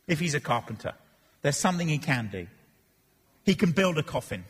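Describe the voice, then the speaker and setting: Male preacher, lively and playful, husky tone, high voice, long hall echo. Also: a little fast. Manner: animated, acts out Bible voices and jokes. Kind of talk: expository sermon. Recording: long reverb of a church hall.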